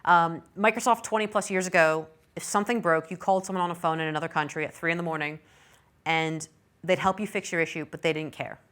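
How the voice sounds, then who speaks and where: A middle-aged woman giving a technical conference talk, chatty and self-deprecating, with quick apologetic asides. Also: on the low side, steady tone, fairly bright tone. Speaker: conference speaker.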